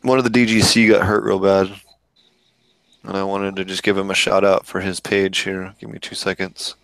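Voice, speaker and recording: A man's voice: low-pitched, little pitch movement, normal speed, gravelly, a bit bright, dry recording. A man hosting a podcast in casual chat, ranting freely and swearing often. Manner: profane, ranting, loose and talkative. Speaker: podcast host.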